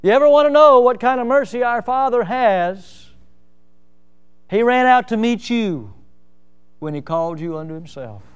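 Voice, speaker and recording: A man preaching a sermon in a high voice with a smooth, resonant tone. He tells stories in a plain way and then builds to loud, emphatic peaks. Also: animated, moderate pace, pauses often, lo-fi sound. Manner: preaching with rising emphasis and storytelling asides. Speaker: pastor.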